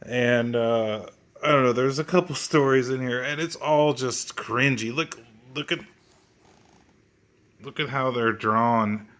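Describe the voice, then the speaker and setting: A man's voice: medium pitch, takes it slowly, fairly bright tone. A man reviewing a comic book in a mocking, sneering way, swearing often and restarting his sentences.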